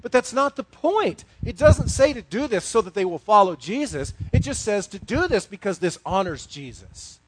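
A man preaching a sermon, telling a story with sweeping swings from hushed to loud and pausing over his words. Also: sits high, big pitch swings, husky, no echo. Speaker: pastor.

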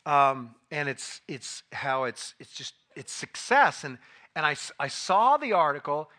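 Bright-voiced man preaching a story. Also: fairly high pitch, big pitch swings, measured pace. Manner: conversational storytelling, rising to loud acted outbursts. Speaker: pastor. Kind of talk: sermon with personal anecdote.

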